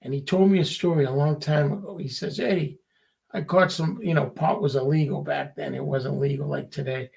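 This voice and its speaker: A man tells a story in a relaxed, chatty way, slipping into the voices of the people he quotes. His voice sits a touch high for a man and has a gravelly, rough edge. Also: brisk. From Revere, Massachusetts. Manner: animated anecdote-telling, acting out quoted people. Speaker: guest. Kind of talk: casual storytelling.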